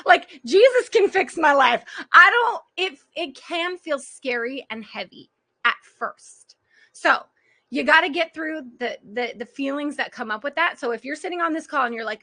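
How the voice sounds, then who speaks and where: Bright high-voiced woman coaching. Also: animated, moderate pace. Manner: earnest, direct address to listeners, frequent laughter. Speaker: parenting and life coach. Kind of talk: motivational coaching talk on a group call.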